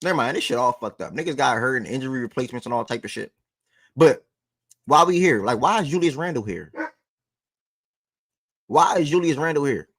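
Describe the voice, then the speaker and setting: A man in his twenties hosting a casual sports talk show, animated, swearing and talking straight to viewers. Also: mid-range voice, brisk, pauses often, husky, dry recording, studio quality. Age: 20s.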